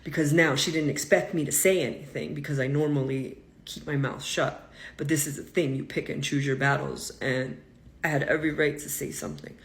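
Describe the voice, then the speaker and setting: A man telling a personal story in a casual, indignant rant, swinging between loud outbursts and muttered asides. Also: on the high side, steady tone, a little fast, vocal fry. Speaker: vlogger.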